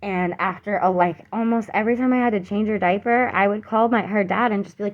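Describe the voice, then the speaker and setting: A young woman giving an unscripted personal account, earnest and troubled, halting with many fillers and restarts. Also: medium pitch, steady tone, dull audio. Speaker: mother telling her own account.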